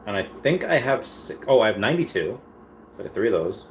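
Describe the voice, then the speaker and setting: A man's voice: lowish voice, very animated, a little fast, a little hiss or hum. Chatty man in his thirties hosting a stream. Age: 30s. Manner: chatty, reads viewer messages aloud and rambles between topics. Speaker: live-stream host. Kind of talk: casual live-stream chat.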